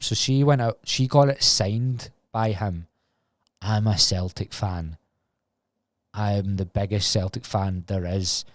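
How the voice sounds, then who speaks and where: A man's voice: fairly low pitch, no room sound. A Scottish man in his twenties talking candidly and rambling on a solo podcast, swearing freely. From Scotland. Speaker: podcast host.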